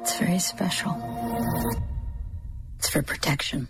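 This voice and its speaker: A solemn woman speaks in a film trailer with portentous weight. Her voice is low and gravelly. Loud music swells behind her. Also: unhurried. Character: solemn woman passing on a protective gift.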